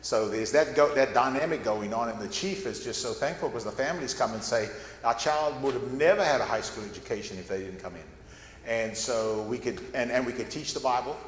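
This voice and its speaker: A man's voice: mid-range voice, a little fast, slight background noise. Older man in an echoey church room. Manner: rambling, folksy, repeats words often. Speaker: guest speaker at a Bible class. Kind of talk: informal Bible class talk. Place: church classroom.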